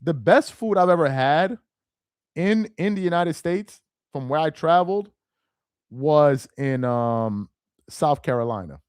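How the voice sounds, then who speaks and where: A talkative man reacts to his chat on a live stream, his fairly high voice swinging widely in pitch as he keeps circling back to the same point. He laughs easily, and the sound is dry and close with no room echo. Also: a little slow, clean tone. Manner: animated and talkative, repeats himself, laughs easily. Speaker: live stream host reading viewer chat.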